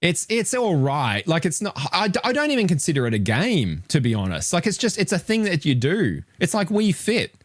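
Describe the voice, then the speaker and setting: A man's voice: fairly high pitch, normal speed, hardly any pauses, no echo, studio quality. A man giving live reaction commentary on a game ranking, swearing and ranting in disbelief. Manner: animated, swearing, exasperated ranting. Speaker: retro gaming streamer reacting to a list.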